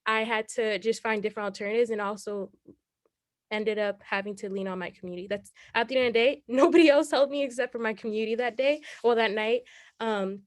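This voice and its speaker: A woman's voice: on the high side, fairly quick, no room sound, studio quality. Young woman, earnest and rambling. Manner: earnest, rambling, laughs often. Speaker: city council candidate. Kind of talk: interview answers.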